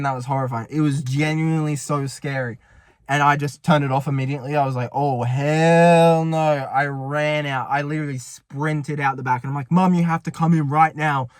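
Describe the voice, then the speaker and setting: A young man vlogs from a parked car, telling a rambling, panicky story to the camera and swearing a lot. His voice is fairly high, and the recording has no room sound.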